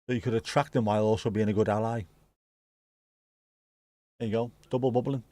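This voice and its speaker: A man chats casually through a live football watch-along, rambling, joking and swearing freely. His voice is on the low side, steady, brisk and dark-toned, with no room sound.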